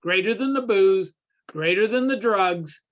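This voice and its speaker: A man facilitating a recovery workshop over a video call, teaching with spoken parables as an animated storyteller who repeats phrases for emphasis. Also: high-pitched, unhurried.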